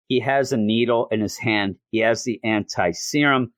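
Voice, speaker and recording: Man, comic show host, casual recap, animated pitch, dry close sound. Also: normal speed, no echo. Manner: incredulous, exasperated, jokey.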